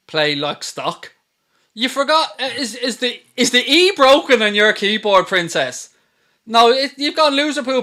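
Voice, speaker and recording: A man's voice: very high voice, sing-song, a little slow, bright, forceful tone. A man hosting a live football watchalong stream, ranting and swearing at trolls with sarcasm.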